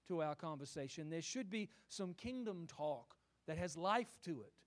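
A man preaching a sermon, emphatic and rhetorical, swinging from quiet asides to loud declarations. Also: high-pitched.

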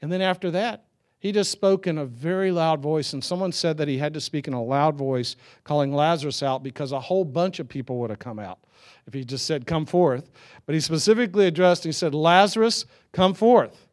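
A man's voice: a little high, fairly quick, darkish tone. Chatty middle-aged male preacher. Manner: conversational storytelling with chuckles and restarts. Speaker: pastor. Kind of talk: sermon.

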